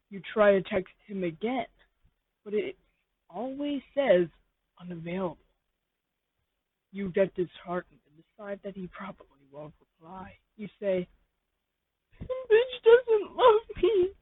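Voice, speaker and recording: A narrator reads a fan fiction story in rambling second person. The delivery is slow, with a husky tone and lively pitch. It sounds tinny and dry, like a phone line.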